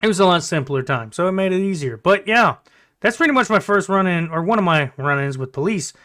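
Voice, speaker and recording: A man's voice: high-pitched, expressive, brisk, fairly bright tone. A man telling a personal story in a casual, blunt and profane way to his viewers. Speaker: storytelling vlogger.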